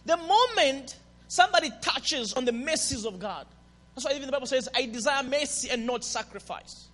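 A man preaching a passionate sermon as a pastor, dropping to a hush and then building to shouts. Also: extremely high pitch, animated, moderate pace. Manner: passionate, swings from hushed to shouting. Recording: reverberant hall.

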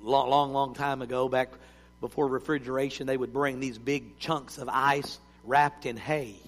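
A male preacher, telling stories in a sermon and swinging between loud cries and hushed words. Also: mid-range voice, flat delivery, normal speed. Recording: long hall reverb.

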